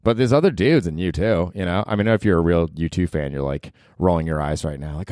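A man's voice: sits low, brisk, few pauses, darkish tone, no room sound, studio quality. A man hosting a podcast in a loose, rambling comedic monologue, swearing freely and slipping into mocking voices for people he quotes. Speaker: podcast host.

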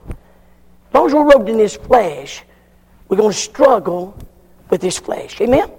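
High gravelly preacher with echoing hall. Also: male voice, expressive, a little slow, long pauses, a little mellow. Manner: fervent preaching with frequent call-and-response amens. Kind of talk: sermon.

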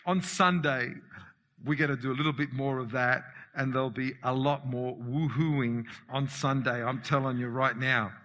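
A man's voice: mid-range voice, steady tone, normal speed. Fervent male preacher in a reverberant hall. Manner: fervent, emphatic preaching with sudden shouts and drops. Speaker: pastor. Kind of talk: sermon.

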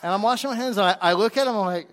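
A married man preaching, telling a story with animated delivery and acted-out dialogue. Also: high-pitched, very fast, in a large hall. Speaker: pastor. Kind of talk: sermon with personal story.

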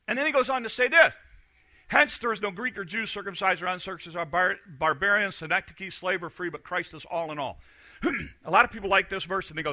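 Forceful bright-voiced male preacher. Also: high-pitched, fairly quick, no room sound. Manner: animated preaching, swinging between loud emphasis and quiet asides. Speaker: pastor. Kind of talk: sermon.

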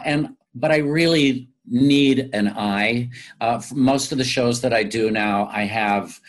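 A man, a stage actor guest, telling chatty, animated anecdotes in a casual interview. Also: medium pitch.

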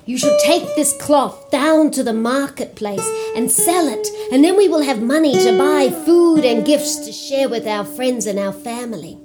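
A woman playing a gentle, hopeful old wife. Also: sits high, measured pace, few pauses, over loud music. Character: resourceful poor old wife.

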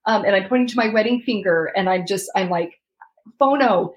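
A woman's voice: mid-range voice, fast talker, highs cut off. A woman in her thirties telling her personal story as an interview guest, reliving her own past words.

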